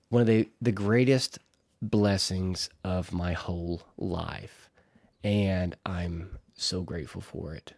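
A man's voice: sits low, fairly even intonation, drawn-out words, creaky, long pauses, dark tone. A man hosting a casual solo podcast, telling a story in a chatty, rambling way and laughing at himself.

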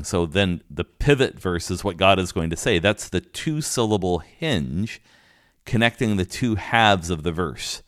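A man preaching a sermon, calmly explaining a Bible passage verse by verse, with occasional restarts and fillers. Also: deep voice, unhurried, no echo, studio quality. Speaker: pastor.

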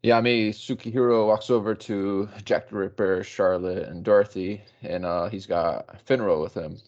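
Relaxed low-voiced man chatting. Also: moderate pace, hardly any pauses. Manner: relaxed, loose with fillers. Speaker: co-host reading a comic aloud. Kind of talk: casual chat. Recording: dull lo-fi recording.

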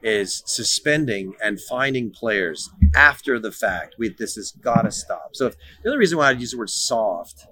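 A man's voice: medium pitch, animated, normal speed, hardly any pauses, sharp tone, no room sound. A middle-aged man, a former pro soccer player, telling stories as a guest in a casual interview, often repeating words as he starts a sentence.

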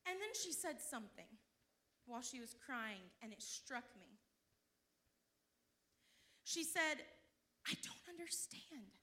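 A woman giving a fervent Pentecostal testimony in church, moving between hushed storytelling and loud cries of praise and calls to the congregation. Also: on the high side, sing-song, takes it slowly, long pauses.

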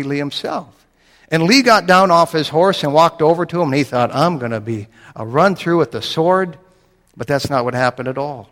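A man preaching a sermon, slowing down and dropping his voice when he reads scripture. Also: big-room sound. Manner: earnest preaching, slows and drops low on scripture quotes.

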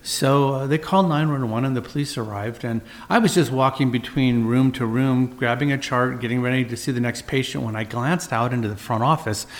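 Man, middle-aged, mid-pitched voice, earnest storytelling, halting fillers. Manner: earnest, measured, with frequent uhs and restarts. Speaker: physician and podcast host. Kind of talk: personal storytelling monologue.

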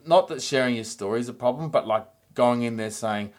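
A man's voice: medium pitch, brisk. An Australian man hosting a casual podcast chat, telling rambling stories and swearing freely. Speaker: podcast host.

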